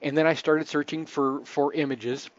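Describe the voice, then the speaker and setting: A man hosting a live webcast, talking in a relaxed, chatty way with many fillers and restarts. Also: a little high, normal speed, dry recording, highs cut off. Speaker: host.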